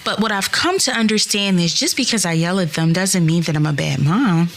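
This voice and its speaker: A woman's voice: fairly low pitch, brisk, a little hiss or hum. A woman in her thirties hosting a solo podcast, speaking earnestly and reassuringly straight to her listeners. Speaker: podcast host.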